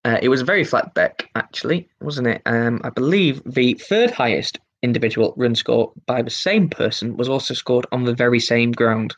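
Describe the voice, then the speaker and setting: A man's voice: medium pitch, moderate pace, few pauses, dull audio. A man hosting a pub quiz, reading each question twice with chatty asides in between.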